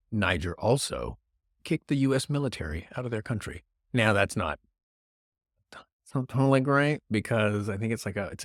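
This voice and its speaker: Lively joking man. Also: medium pitch, dry recording, studio quality. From Canada. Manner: rambling, joking, self-deprecating. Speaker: podcast host. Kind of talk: casual comedic news talk. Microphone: podcast microphone.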